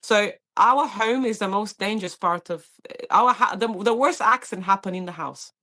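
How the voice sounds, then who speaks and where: A woman's voice: medium pitch, normal speed. A woman working as a paramedic, telling stories in a podcast interview with lots of restarts and fillers. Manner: animated, many restarts and fillers.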